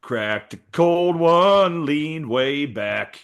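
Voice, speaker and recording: A man putting on his best country voice, half-singing a slow, twangy country song. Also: fairly high pitch, fairly even intonation, sharp tone, voice pushed up. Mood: crooning. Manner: drawn-out sung-spoken country drawl. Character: crooning male country singer, twangy and laid-back. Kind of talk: mock country song performance.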